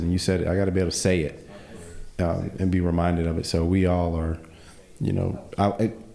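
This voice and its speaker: Deep voiced guy cohosting a chill podcast, earnest storyteller, echoey room. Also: creaky, mellow. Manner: earnest storytelling with faith talk. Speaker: podcast co-host. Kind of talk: casual podcast conversation.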